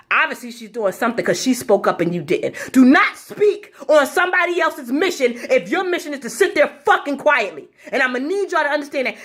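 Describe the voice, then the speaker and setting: A woman's voice: a little high, a bit bright. A woman, delivering an angry, blunt, profane political rant straight to her viewers. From United States. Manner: heated, blunt and profane, speaking directly to viewers. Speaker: vlogger.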